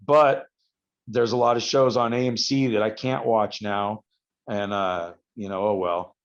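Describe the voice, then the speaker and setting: A man, a wrestler being interviewed, telling rambling stories with halting restarts. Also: fairly low pitch, steady tone. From United States. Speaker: guest, professional wrestler. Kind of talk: casual podcast interview. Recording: slightly dull lo-fi audio.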